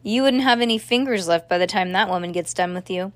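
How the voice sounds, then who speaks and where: A woman voicing a gruff, scolding circus woman, in a storybook reading. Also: mid-range voice, fast talker, no room sound, natural voice.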